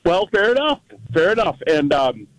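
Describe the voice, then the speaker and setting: A man's voice: high voice, very animated, normal speed, rough recording. A man calling into a sports radio show, rambling and correcting himself as he goes. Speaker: caller. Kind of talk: call-in phone chat.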